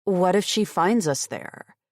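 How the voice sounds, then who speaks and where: A woman voicing a fierce young heroine with a siren voice, sharp and defiant in her questions. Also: fairly low pitch, lively intonation, takes it slowly, dry recording, studio quality, pitched above the performer's own voice. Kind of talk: audiobook character voice.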